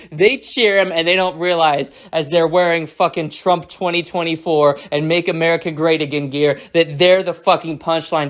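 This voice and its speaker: A film reviewer delivering a satirical, heavily profane rant in a sarcastic, mocking manner. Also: mid-range voice.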